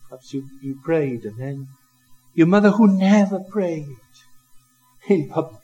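An older man preaching a sermon, slow and reflective, building to emphatic rises. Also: on the high side, animated, warm tone, husky, highs cut off. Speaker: pastor.

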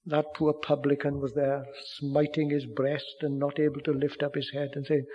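A man preaching a sermon with earnest pleading, swinging from loud declarations down to hushed near-whispers. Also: fairly high pitch, little pitch movement, moderate pace, hardly any pauses, husky.

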